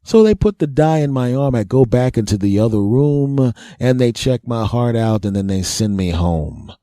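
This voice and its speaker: A middle-aged male podcast host spins a boastful, self-mocking comic tale. His voice is mellow and warm, recorded close and dry. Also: mid-range voice, expressive, normal speed, no room sound. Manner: self-mocking, boastful, laughs at own jokes. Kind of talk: comic storytelling monologue.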